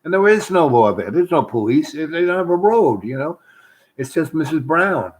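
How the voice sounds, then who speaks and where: A man's voice: fairly high pitch, very animated, normal speed, rough recording. A man hosting his own show, telling a long, meandering story with many restarts and asides. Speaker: host. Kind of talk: rambling storytelling monologue.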